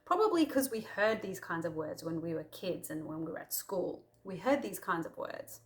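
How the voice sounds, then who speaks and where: A woman's voice: on the low side, expressive, moderate pace. A woman hosting a casual Christian talk to camera, telling personal stories in a chatty way with lots of fillers. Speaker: Christian video host.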